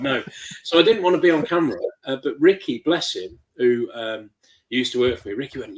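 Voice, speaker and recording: A man in a relaxed interview, spinning anecdotes and slipping into the voices of the people he quotes. His voice sits at a middle pitch. He talks in a loose, conversational way, with plenty of restarts. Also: fast, rough recording. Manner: lively storyteller acting out quoted dialogue. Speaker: toy shop owner, guest. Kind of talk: casual interview chat.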